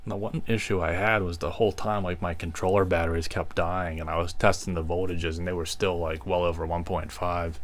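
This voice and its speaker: A man hosting a gaming video, chatting casually over gameplay with a relaxed, rambling manner and frequent fillers. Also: low voice, a little hiss or hum.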